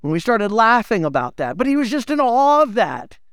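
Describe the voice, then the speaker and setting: A man, preaching a sermon in an animated, playful storytelling way. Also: very high voice, normal speed, clean tone, no echo, clean studio sound. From United States. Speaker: pastor.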